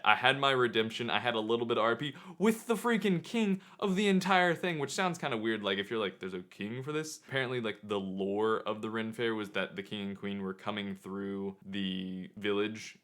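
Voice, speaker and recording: A young man with a bright, forceful voice recounts a story in a casual vlog. He talks in an excitable, animated way, as if reliving every moment. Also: lowish voice. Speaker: vlogger.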